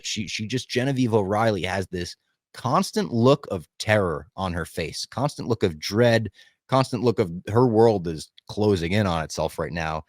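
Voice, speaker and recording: A man's voice: fairly low pitch, no room sound, clean studio sound. A man in casual podcast chat, talking with enthusiasm, swearing freely and acting out lines he quotes. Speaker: podcast co-host.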